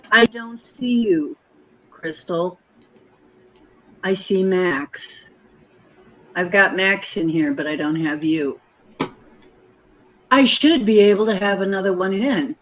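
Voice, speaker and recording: A host on a video call sorts out a live stream, talking things through out loud. The delivery is slow and unhurried, with a middle pitch. The host sounds a little frazzled as one setting after another fails. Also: muffled recording. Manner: flustered, thinking aloud while fiddling with settings. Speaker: podcast host. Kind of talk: casual live-stream tech troubleshooting.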